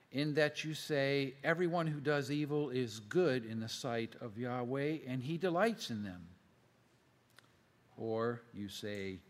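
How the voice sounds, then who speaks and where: A man teaching from scripture and reading long passages aloud in a measured way, letting his voice fall away at the ends of phrases. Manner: measured, drops pitch and volume at phrase ends. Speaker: preacher. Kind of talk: slow Bible reading and teaching.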